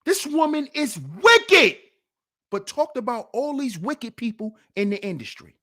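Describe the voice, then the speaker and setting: Reacting angrily to a played clip, this man hosts and comments on his channel in a slow, sermon-like way, his pitch animated. He hammers his points with emphasis, echoing lines back and ridiculing them.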